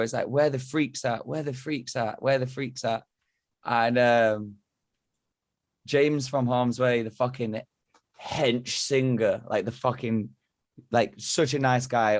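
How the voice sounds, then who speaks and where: A man's voice: medium pitch, no echo, clean studio sound. A man from England talking as a podcast guest, rambling and swearing freely while he tells stories. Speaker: podcast guest, band member. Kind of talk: casual chat.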